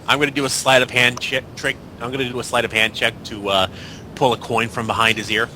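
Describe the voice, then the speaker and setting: Bright-voiced man playing a tabletop game. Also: mid-range voice, fairly even intonation, fast talker, slight background noise. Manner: hesitant, stumbling over words. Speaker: player. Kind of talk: in-character tabletop play.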